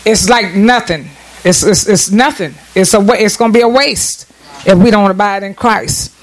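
A man's voice: high-pitched, normal speed, rough recording. A man preaching a sermon, calling for amens and praise from the congregation, often restarting his phrases as he builds his point. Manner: animated preaching with call-and-response and frequent restarts.

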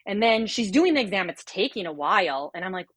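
A woman in her thirties, a pharmacist and podcast guest, telling her personal birth story in an earnest, animated way. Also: medium pitch, brisk, slightly rough, no room sound.

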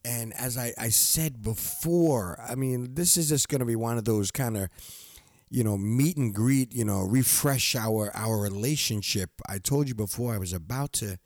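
An older man with a medium-pitched voice hosts a motivational podcast alone, speaking at a moderate pace into a studio microphone with no room sound. Warm-hearted and giggly, he often repeats his phrases in this casual monologue.

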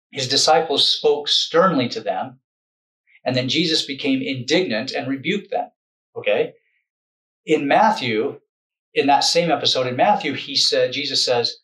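A man's voice: medium pitch, a bit bright, rough recording. A man who is a video lecturer and author, explaining in a loose, conversational way and often correcting himself mid-sentence.

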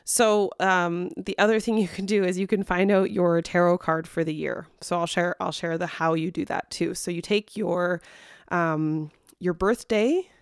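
A woman's voice: on the low side, normal speed, clean tone, no room sound. Chatty woman podcaster, dry sound. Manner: chatty, animated, self-deprecating, many restarts. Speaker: podcast host. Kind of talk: casual spiritual chat.

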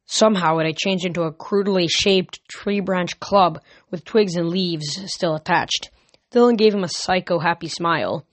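Steady amateur reader, dry voice. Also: male voice, high-pitched, normal speed, no echo. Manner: steady reading with small slips. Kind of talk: amateur audiobook reading.

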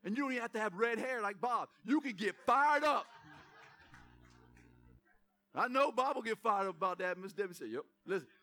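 A man preaching an energetic sermon in a church, speaking straight to the congregation with emphatic repetition. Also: sits high, moderate pace, pauses often. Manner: fired-up, addresses congregation directly, emphatic repetition. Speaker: pastor. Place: church sanctuary.

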